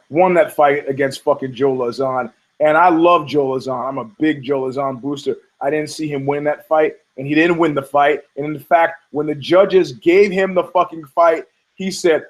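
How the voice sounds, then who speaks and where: A middle-aged man hosts a podcast with a slightly higher-pitched voice. He rambles and rants sarcastically, peppering his talk with profanity. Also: moderate pace, rough recording. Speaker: podcast host. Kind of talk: casual rant.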